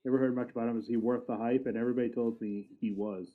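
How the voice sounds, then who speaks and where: A man's voice: mid-range voice, fairly even intonation, fast talker, phone-quality sound. A man co-hosting a casual wrestling podcast, joking around, laughing often and swearing casually over a remote call. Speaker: podcast co-host.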